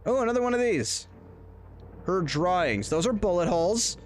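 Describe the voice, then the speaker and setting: A man streams a horror game live, cracking jokes and rambling to his chat as he plays. His voice sits on the high side, and a faint ambient hum runs under it. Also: lively intonation, moderate pace. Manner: rambling, jokey, talks to chat. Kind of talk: casual live-stream commentary.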